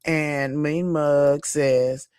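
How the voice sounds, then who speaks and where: A woman's voice: deep voice, fairly even intonation, very slow, darkish tone, clean tone, dry recording. A woman chats through a casual live stream, reading viewer comments aloud and answering them by name. She takes her time, leaning on her points and repeating them for emphasis. The recording is close and dry, with no room sound. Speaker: livestream host reading viewer chat.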